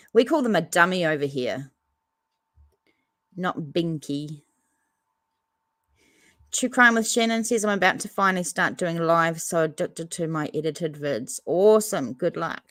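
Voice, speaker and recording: Chatty woman hosting a livestream, lowish voice. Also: a bit bright, no echo, studio quality. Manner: chatty, reads out viewer comments and answers them. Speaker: livestream host reading chat. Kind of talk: casual livestream chat.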